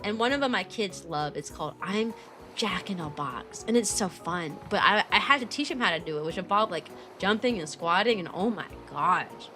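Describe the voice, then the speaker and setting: A young woman chatting casually on a livestream, bubbly and animated, laughing often as she reads viewer messages aloud. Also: on the low side, moderate pace, faint music behind. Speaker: VTuber streamer and kindergarten teacher.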